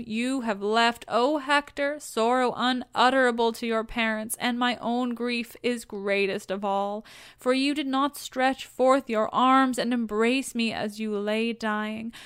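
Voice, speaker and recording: A woman's voice: on the high side, clean tone, no echo, clean studio sound, natural voice. A woman voicing a young widowed princess lamenting her husband, in a storybook reading. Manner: wailing, lamenting.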